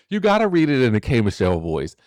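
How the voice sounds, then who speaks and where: A man hosting a casual celebrity gossip commentary, animated and rhetorical, who keeps asking the viewers questions and checking in with them. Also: medium pitch, no room sound, studio quality. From rural area. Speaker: gossip show host.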